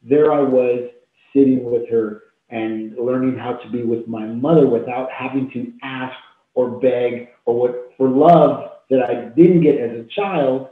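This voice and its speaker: A man's voice: mid-range voice, fairly even intonation, measured pace. Man in his fifties, heartfelt tinny video call. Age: 50s. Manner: heartfelt, repetitive phrasing. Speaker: guest on a spiritual talk show. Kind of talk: earnest personal storytelling in conversation. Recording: tinny phone-like echoey call audio.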